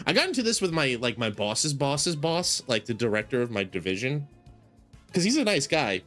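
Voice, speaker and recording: A man's voice: medium pitch, very animated, normal speed, fairly bright tone, soft background music. A man streaming a shop simulator game, chatting casually in a rambling way, full of fillers. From United States. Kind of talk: casual gaming commentary.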